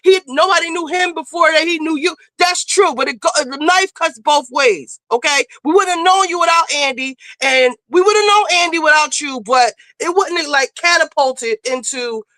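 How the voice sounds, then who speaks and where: Woman streamer host, high and bright, blunt and profane, dry close sound. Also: normal speed, hardly any pauses, dry recording. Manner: emphatic, scolding. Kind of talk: casual commentary.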